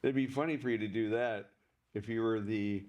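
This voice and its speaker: Low-voiced friendly interviewer. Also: male voice, steady tone, moderate pace, a little mellow, muffled recording. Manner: friendly, encouraging, laughs along. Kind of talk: casual interview chat.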